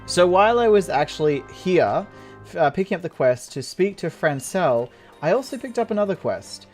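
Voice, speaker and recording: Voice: mid-range voice, big pitch swings, moderate pace, a little mellow, faint music behind. A game player giving goofy, giggly, rambling casual commentary while playing an online role-playing game. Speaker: let's play gamer.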